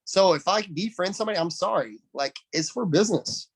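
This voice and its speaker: A man leading a team call, coaching in an energetic, emphatic way and repeating phrases for stress. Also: high voice, a little fast, gravelly, husky. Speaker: network marketing team leader. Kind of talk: coaching talk on a group call.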